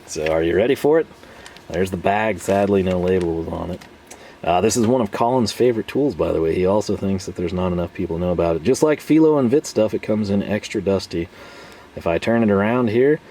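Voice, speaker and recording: A man's voice: low-pitched, warm tone, slight background noise. A man chatting his way through a casual tool review, rambling and often laughing.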